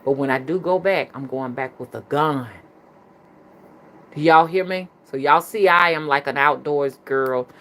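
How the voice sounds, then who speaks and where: A middle-aged spiritual reader with a Southern US accent chats with her viewers while telling a story, colloquially and warmly calling them "y'all." Her voice is low, a little slow, and slightly bright.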